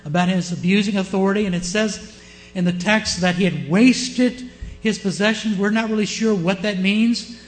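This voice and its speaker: A man with a Southern US accent preaching a sermon, often asking his listeners questions and shifting his pace and loudness. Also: sits high, normal speed. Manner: asks the congregation questions, varies pace and loudness. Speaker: pastor.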